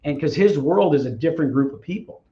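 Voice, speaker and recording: A man as a podcast guest, telling a story in a casual, animated way and acting out the dialogue. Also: on the high side, fast. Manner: animated, acts out quoted dialogue. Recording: slightly muffled audio.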